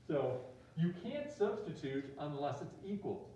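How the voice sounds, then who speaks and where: Joking math teacher in an echoey classroom. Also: male voice, fairly high pitch, unhurried, slight background noise. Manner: joking, animated, talks to himself. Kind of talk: classroom lecture. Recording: echoey room, distant mic, dull sound.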